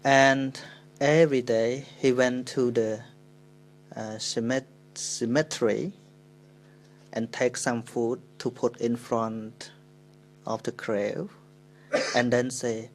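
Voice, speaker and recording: Khmer-accented monk, unhurried dharma talk, measured mid-pitch voice, stops to rephrase. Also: male voice, fairly even intonation, slight background noise, rough recording. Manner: slow, unhurried, speaking English with pauses and self-corrections. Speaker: Buddhist monk.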